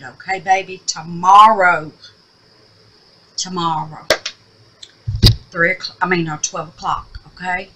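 Woman, craft vlog host, affectionate, rambling, crisp bright tone. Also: fairly low pitch, low-quality recording. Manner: affectionate, calls viewers babies, easily sidetracked. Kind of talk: casual vlog sign-off with prayer.

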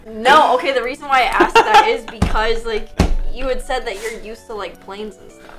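A woman's voice: on the high side, steady tone, normal speed, loud music behind the voice. A woman in casual chat, asking questions with sympathy.

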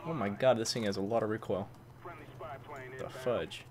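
A man doing excitable gameplay commentary, who swaps swear words for mild ones like "fudge" and breaks into loud, high-pitched outbursts. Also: moderate pace. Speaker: gaming channel host. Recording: faint game noise behind. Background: gunfire from the game.

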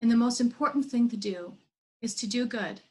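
A woman voicing a calm, patient wise teacher in a spoken parable, gently and without hurry. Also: on the high side, normal speed, slightly rough.

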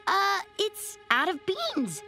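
A woman's voice: extremely high pitch, huge pitch swings, takes it slowly, over music, heavily acted. A woman voicing a dry, sarcastic tween girl in a cartoon.

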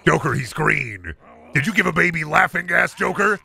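A stern caped hero, played by a man questions a villain in a flat, matter-of-fact, scolding voice with a slight gravel to it. He sounds bright and fairly close to his own natural voice. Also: a little high, moderate pace, pitched above the performer's own voice, exaggerated voice.

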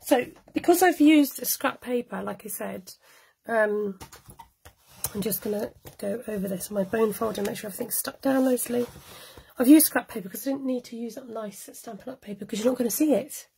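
A woman's voice: on the high side, brisk, vocal fry, mellow, husky, rough recording. A chatty woman giving a live cardmaking tutorial, laughing often and greeting viewers by name as she works. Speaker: cardmaking demonstrator. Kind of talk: live-streamed craft tutorial.

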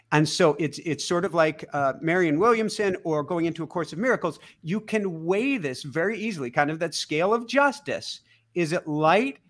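A man as a guest teacher explaining things in casual conversation, animated and laughing often. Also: a little high.

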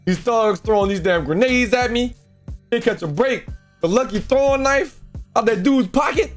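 A man's voice: very high voice, moderate pace, faint music behind. A man streaming a shooter game, chatting casually with friends and stammering over his words when he hesitates. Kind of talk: casual gaming voice chat.

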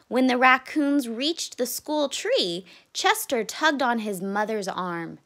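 Teacher lady doing a read-aloud, slow and lively, sing-songy pitch. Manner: expressive and deliberate. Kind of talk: read-aloud storybook narration.

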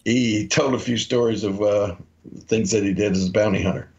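A man's voice: fairly low pitch, steady tone, moderate pace, darkish tone. A man, a podcast co-host telling rambling anecdotes and acting out the quotes in them. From Memphis, Tennessee. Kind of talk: casual storytelling. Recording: dull lo-fi audio.

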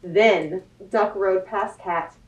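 A woman's voice: mid-range voice, noisy background. A woman reading a picture book aloud to children at a library storytime. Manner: slow, expressive read-aloud. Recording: echoey room, mic at a distance.

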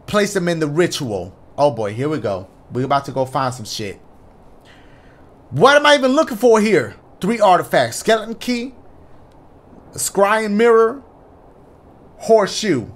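An excitable man commentates his horror-game playthrough, swearing freely and talking straight to his viewers. His voice sits high for a man and leaps around with big swings in pitch. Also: measured pace, long pauses. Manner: excitable, profane, talks to viewers. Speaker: gaming YouTuber. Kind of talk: let's-play commentary.

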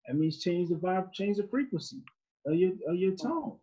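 Male religious-class teacher, dark husky voice, chatty and questioning, lo-fi sound. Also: high voice, animated, moderate pace. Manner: conversational, asks the class questions. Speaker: Sunday school teacher. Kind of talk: informal classroom lesson. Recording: dull lo-fi recording.

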